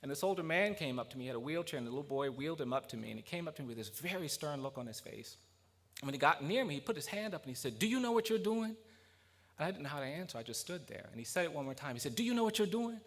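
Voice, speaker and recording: Man, earnest public speech, storytelling, emphatic, medium pitch. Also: animated, rapid-fire, fairly bright tone. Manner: earnest, building to emphatic points. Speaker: speaker at a policy roundtable.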